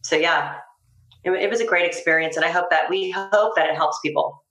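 A woman's voice: fairly low pitch, a little fast, a bit bright. A woman, an actress being interviewed, chatting casually and laughing often. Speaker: actress guest. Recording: roomy echo.

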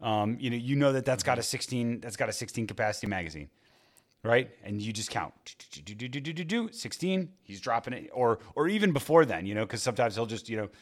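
A man's voice: medium pitch, lively intonation, quick pace. A man in a casual podcast chat, rambling with lots of fillers and frequent laughs. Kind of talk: casual chat about movies.

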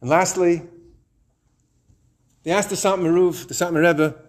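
A man in his twenties telling a story, wry and animated with dramatic pauses. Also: high voice. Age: 20s. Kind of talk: told story to an audience.

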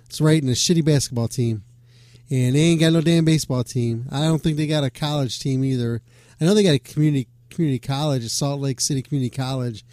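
A man's voice: mid-range voice, steady tone, fast, warm tone, dry recording, clean studio sound. A man hosting a rock radio show, talking casually with loose jokes and swearing. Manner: loose, swearing, joking asides. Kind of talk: casual rambling radio talk.

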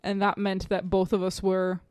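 A woman's voice: medium pitch, completely flat delivery, normal speed, a little mellow, no room sound, studio quality. A woman co-hosting a podcast in casual chat, chatty and self-deprecating, laughing often. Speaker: podcast co-host.

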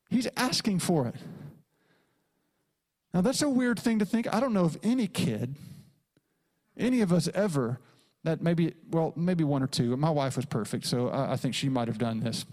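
A middle-aged male pastor preaching with emphatic repetition. His voice sits a little higher than most men's. He leans into quoted lines and gives them a dramatic turn. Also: animated, moderate pace, a little mellow. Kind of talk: sermon.

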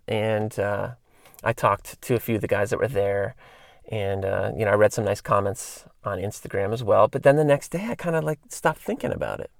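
A man's voice: medium pitch, vocal fry, dry recording, clean studio sound. A man in his late thirties telling stories in a casual, rambling monologue, full of fillers and tangents, as a podcast host. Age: 30s.

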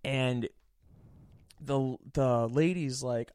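Young male podcast host, lively and crude, mid-pitch voice, dry close mic. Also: moderate pace, dry recording. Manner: animated, profane storyteller who laughs often and mimics others. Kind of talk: casual storytelling chat.

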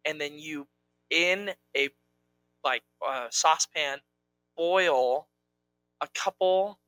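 A young man co-hosting a casual chat, talking in an animated, rambling, playful way. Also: fairly high pitch, slow pace, no room sound, rough recording. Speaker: co-host.

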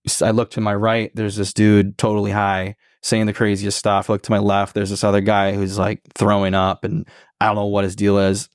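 Low-voiced man in his twenties, storytelling. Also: brisk, clear, resonant tone, no echo, clean studio sound. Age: 20s. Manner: relaxed, reflective, many filler words. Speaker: podcast guest. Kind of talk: casual storytelling conversation.

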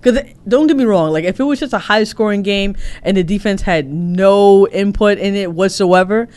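A man co-hosting a casual sports podcast, animated and joking, laughing often. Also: high voice, normal speed, smooth. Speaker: podcast co-host.

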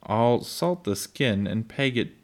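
A man reading aloud, voicing a calm but firm pioneer father in a storybook with a slow, gravelly voice. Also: mid-range voice. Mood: reassuring. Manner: steady, measured, plainly read.

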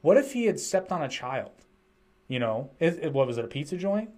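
A man's voice: on the high side, big pitch swings, fairly quick, dark tone. A man from the United States hosting a podcast, talking in a rambling, opinionated way with restarts. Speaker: podcast host. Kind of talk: casual podcast chat.

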